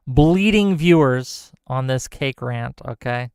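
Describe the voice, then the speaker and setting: A man's voice: on the high side, sing-song, normal speed, fairly bright tone, clear, resonant tone, dry recording, studio quality. A man hosting a live stream, ranting casually and sarcastically while reading out viewer comments.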